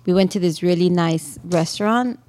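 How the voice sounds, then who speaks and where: A woman's voice: fairly low pitch, moderate pace, a little mellow, slight background noise. A woman co-hosting a casual chat podcast, easygoing, giving a laid-back life update. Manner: easygoing, gives short replies and questions. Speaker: podcast co-host.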